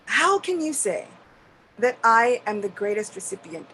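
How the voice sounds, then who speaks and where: A woman's voice: fairly high pitch, big pitch swings, measured pace, pushed and bright, a little hiss or hum, exaggerated voice, low-quality recording. Troubled old creator god, voiced by a woman. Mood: self-reproaching. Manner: self-reproaching, earnest, emphatic. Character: Lord Brahma, elderly male creator god, troubled and humble. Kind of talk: devotional storytelling in character.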